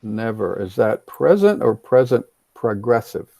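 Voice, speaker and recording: A man leads an online English lesson at an unhurried, careful pace, repeating key words so students can follow. His voice is gravelly, with a dry, close sound and no room echo. He explains grammar patiently and now and then offers a quick Spanish translation. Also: mid-range voice, very animated, dark tone. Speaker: ESL teacher. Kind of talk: online class teaching.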